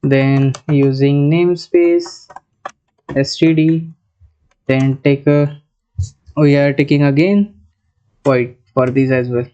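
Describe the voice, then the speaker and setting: A programming tutor thinks aloud through a screen-recorded coding lesson, restarting often and mixing in Hindi phrases. His mid-range voice is mellow, clear and resonant, with fairly even intonation, a slow pace and frequent pauses. The recording sounds slightly muffled and lo-fi.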